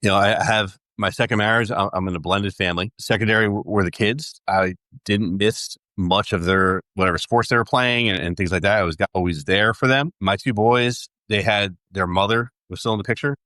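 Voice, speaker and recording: A man with a low, deep voice talks as a podcast guest, a retired police sergeant. He speaks haltingly and often restarts his sentences. His humor is dry and deadpan, and the recording is close and dry. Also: no echo. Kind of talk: casual podcast conversation.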